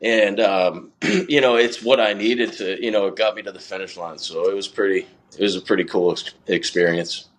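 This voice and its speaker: Brief: low-pitched man, thirties, earnest and halting, emotional podcast guest. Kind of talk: casual interview storytelling.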